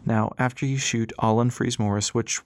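A man reading as a brisk, secretive young pilot. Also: medium pitch, fairly even intonation, dry recording, lightly acted.

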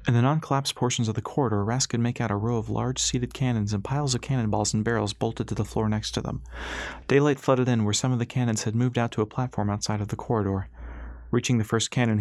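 A man narrating an audiobook chapter in a steady, even reading. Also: lowish voice, dry recording, studio quality. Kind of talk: scripted narration.

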